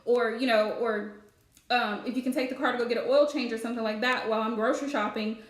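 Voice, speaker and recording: A woman's voice: fairly high pitch, steady tone, quick pace, roomy sound. A woman giving a live-streamed spiritual reading, chatty and advice-giving with lots of fillers. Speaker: psychic card reader.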